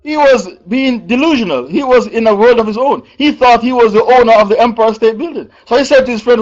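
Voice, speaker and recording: A man preaching an evening religious lesson, slow and deliberate, repeating key phrases and putting questions to his audience. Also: very high-pitched, a little mellow, dull audio. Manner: repeats verse numbers and key phrases for emphasis. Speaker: Islamic preacher teaching Quran commentary.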